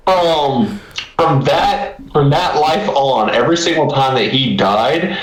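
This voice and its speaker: A man co-hosting a casual film review chat, retelling scenes and acting out the quotes. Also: mid-range voice. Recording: roomy echo.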